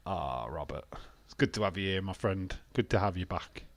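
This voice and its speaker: A man's voice: sits low, fairly bright tone, no echo. A British man hosting a wrestling watch-along stream, reading chat aloud, laughing often and arguing playfully, with some swearing. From Britain. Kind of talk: casual live-stream chat.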